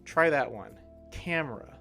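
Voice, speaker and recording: A man with a medium-pitched, slightly bright voice teaches English pronunciation during a livestream, with faint music in the background. He models words slowly and clearly, checking in with "right?"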